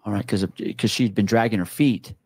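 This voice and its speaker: A man, a former police officer, telling a spooky story from his work in a casual, animated way. He swears often and acts out what people said. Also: on the low side, a little fast, breathy edge, no room sound. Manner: animated, swearing, acts out quotes with gasps and whispers.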